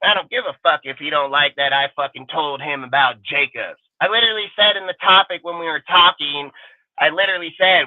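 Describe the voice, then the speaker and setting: A man with a high voice hosts a sports talk panel and lets loose a furious, profanity-laced rant. He talks aggressively, boasts, and fires off insults one after another. His voice comes through tinny and phone-like, with a dry sound. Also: fairly quick, no echo. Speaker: show host.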